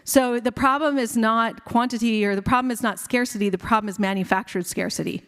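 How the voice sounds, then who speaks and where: A woman physician giving a passionate conference keynote, quick and conversational with many fillers. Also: on the high side, a bit bright. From India. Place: large conference hall. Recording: long hall reverb.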